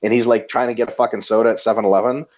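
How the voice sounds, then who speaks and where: A man's voice: on the low side, rapid-fire. Man, casual webinar co-host, profane joking chat, dull lo-fi audio. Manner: profane, joking, animated storytelling.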